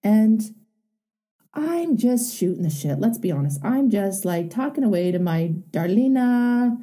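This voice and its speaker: Frank woman with a very dark, mellow voice. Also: mid-range voice, very animated, a little slow. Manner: frank, emphatic, earthy. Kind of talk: candid personal storytelling.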